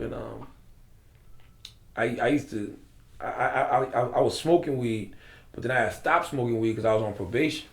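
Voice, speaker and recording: A man's voice: medium pitch, creaky, reverberant. A man from South Carolina with a South Carolina accent, telling a story in casual, slangy interview talk. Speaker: guest.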